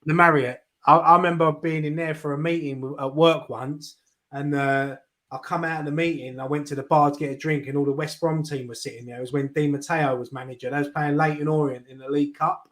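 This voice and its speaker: Middle-aged bloke, bit high voice, rambles through football stories w lots of restarts. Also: male voice, fairly even intonation, brisk, fairly bright tone, poor audio. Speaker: fan channel host. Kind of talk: casual chat.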